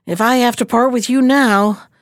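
A brave but weary young Irishman from a folk tale speaks plainly and earnestly, as a woman reads his lines. The voice is fairly high and close, with no room sound. It has the feel of a storybook reading. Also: steady tone, moderate pace, no echo, close to an everyday voice.

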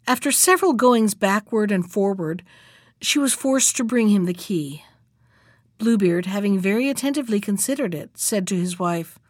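A woman narrating a classic fairy tale as an audiobook, reading in a measured, even way. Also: mid-range voice, dry recording, studio quality.

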